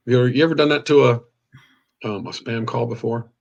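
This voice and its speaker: A man's voice: medium pitch, fairly even intonation, a little fast, creaky, highs cut off. A man co-hosting a livestream in casual chat, folksy and rambling with joking asides. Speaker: livestream co-host.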